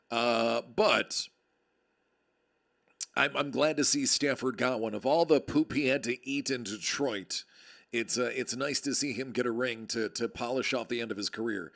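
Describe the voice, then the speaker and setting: A man's voice: mid-range voice, moderate pace, creaky, fairly bright tone. A man hosting a card break livestream, chatting casually and joking with viewers in a rambling way. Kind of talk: casual chat.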